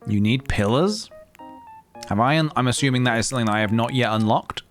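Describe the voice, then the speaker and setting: Live-streaming a game, this young man rambles and jokes at a fairly quick clip in a medium-pitched voice, now and then breaking into sing-song sounds. Guitar music can be faintly heard behind him.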